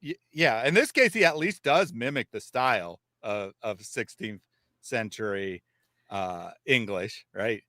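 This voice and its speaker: A man's voice: mid-range voice, expressive, a little slow, pushed and bright, dry recording, studio quality. A man hosting a live discussion, speaking with frequent restarts and reading viewer comments aloud. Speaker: host.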